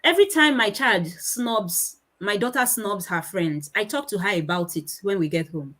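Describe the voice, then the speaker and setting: In poor audio, a woman in her thirties with a Nigerian accent lectures at a conference on children's speech. Her voice is mid-range and her pace moderate, and she animatedly voices her children in the stories she tells.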